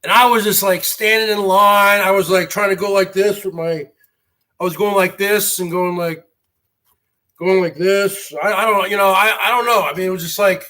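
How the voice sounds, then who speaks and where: A man's voice: high voice, steady tone, moderate pace, bright, forceful tone. A man hosting a basement livestream, rambling and complaining with profanity and frequent restarts. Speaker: livestream host. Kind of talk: casual rambling livestream monologue.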